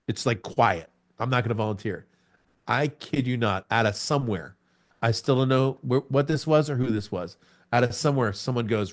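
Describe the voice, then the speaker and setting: Man, middle-aged, podcast guest, lively storyteller, laughs often, jumps to a high pitch when excited. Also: normal speed. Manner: animated, laughing storyteller who jumps to a much higher pitch at the exciting moments. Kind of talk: storytelling in a casual interview.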